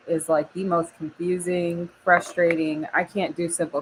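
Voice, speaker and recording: A woman's voice: lowish voice, moderate pace, hardly any pauses, a little hiss or hum, rough recording. A young woman from Oklahoma chatting casually on a live stream, laughing often and reading the chat aloud. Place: home studio.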